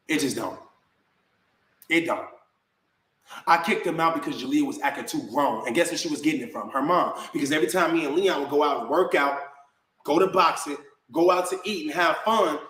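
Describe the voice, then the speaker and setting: With a slightly high, fairly quick, a-bit-bright voice, a man answers his critics in an angry to-camera rant. The room is echoey, and his slangy talk is peppered with "bro" over and over.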